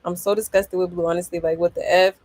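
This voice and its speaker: Sassy laughing gossip host, dry close mic. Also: female voice, fairly low pitch, level tone, fast talker, dry recording. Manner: sassy, drawling, laughs loudly, reads comments aloud. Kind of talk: casual commentary reacting to clips.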